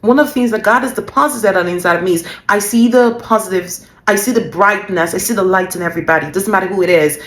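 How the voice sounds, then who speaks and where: A woman's voice: medium pitch, fast talker, hardly any pauses, roomy sound. A woman giving a motivational Christian talk as a business coach, emphatic and repeating phrases for stress, often laughing mid-sentence. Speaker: faith-based business coach.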